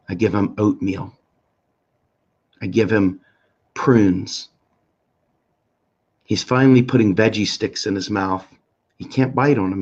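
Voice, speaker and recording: A middle-aged man giving an impassioned, profane rant full of pleading questions, swinging between a raised voice and a low one. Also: a little mellow. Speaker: political activist commentator. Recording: muffled lo-fi recording.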